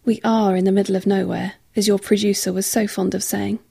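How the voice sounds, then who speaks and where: A woman voicing a smooth, possessive man who insistently coaxes a young woman to stay with him. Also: mid-range voice, a little fast. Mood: terse. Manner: calm, coaxing, insistent. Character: smooth possessive rich man, unsettling suitor.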